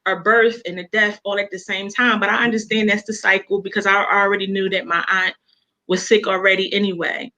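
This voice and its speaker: A woman's voice: medium pitch, level tone, fairly quick, bright, forceful tone, low-quality recording. A woman author talking casually as an interview guest, telling emotional personal stories with many fillers and restarts.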